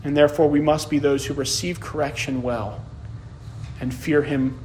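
A man's voice: fairly high pitch, steady tone, normal speed, darkish tone, a little hiss or hum. A man preaching a sermon as pastor, repeating key phrases as his delivery builds in intensity.

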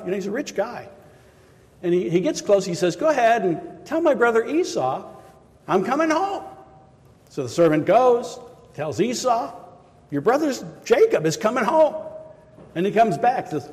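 A pastor giving a sermon, retelling the story in a casual, chatty way with quoted voices. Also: male voice, fairly high pitch, a little mellow. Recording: reverberant hall.

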